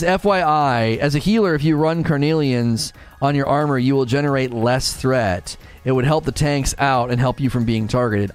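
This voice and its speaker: Male streamer, casual chat, animated pitch, light music in the background. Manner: chatty, reads chat aloud, animated swings in pitch. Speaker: game streamer.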